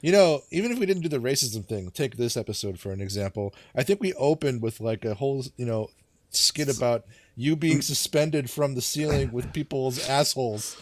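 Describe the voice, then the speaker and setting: A man co-hosting a casual gaming podcast, talking in an animated, self-mocking way. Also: medium pitch, moderate pace. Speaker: podcast co-host.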